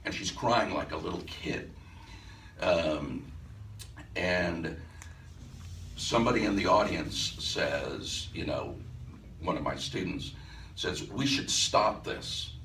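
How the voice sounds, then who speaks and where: A man with an extremely low voice recounts a class demonstration to a live audience, stopping to restart his sentences and playing out both sides of a conversation. He is picked up by a distant mic in an echoey room with a faint hiss. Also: lively intonation, slow, long pauses, fairly bright tone. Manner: conversational, with frequent restarts and acted-out dialogue. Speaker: hypnosis instructor. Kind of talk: storytelling lecture to a live audience.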